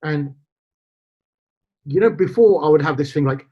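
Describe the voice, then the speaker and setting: A middle-aged man, a podcast guest, telling stories in an animated, chatty way. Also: fairly high pitch, moderate pace, husky. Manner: storytelling, animated. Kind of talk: casual interview chat. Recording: dull lo-fi sound.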